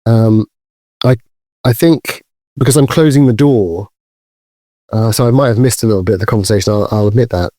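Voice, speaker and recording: A man playing a tabletop game, talking in a rambling, halting, self-deprecating way. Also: on the low side, dark tone, no echo, clean studio sound. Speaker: player. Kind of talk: casual tabletop role-play.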